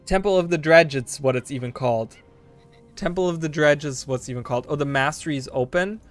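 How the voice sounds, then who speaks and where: Male streamer, casual gameplay chatter, rambling and easily thrilled, clear voice on the high side. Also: brisk, faint music behind. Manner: excitable, rambling, bursts of delighted exclamations; talks to viewers directly, swears casually. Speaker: game streamer. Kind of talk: casual live gameplay commentary.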